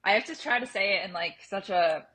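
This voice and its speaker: A young woman co-hosting a casual podcast, animated and laughing often as she tells stories and runs a game. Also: mid-range voice, fairly quick, low-quality recording. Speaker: podcast co-host running a game.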